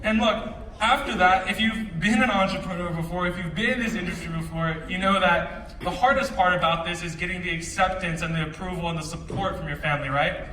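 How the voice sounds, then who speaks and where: Bright high-voiced guy in his 20s hyping up a crowd, jokey slangy storytelling, mic far off in a big room. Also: fairly quick, slight background noise. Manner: energetic, joking, chatty slang. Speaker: motivational speaker. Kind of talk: stage storytelling talk. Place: convention hall stage. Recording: echoey hall, distant mic, audience.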